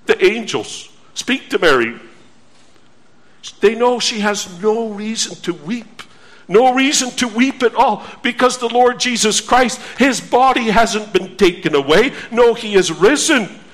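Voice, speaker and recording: A man preaching a sermon, slow and earnest, repeating phrases and asking the listeners rhetorical questions. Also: high voice, a bit bright.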